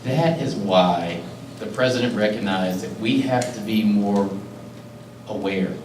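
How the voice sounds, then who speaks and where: A man's voice: fairly low pitch, a little slow, background noise. A middle-aged man, a county executive, giving a public speech and earnestly telling an emotional personal story. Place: community meeting hall. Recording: roomy, distant mic, faint ambience.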